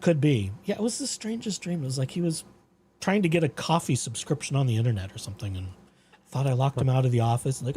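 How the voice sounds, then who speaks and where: A man hosting a casual talk-show podcast rambles about his dreams, quoting them animatedly, and reads out legal updates. His medium-pitched voice moves fast, with slight background noise.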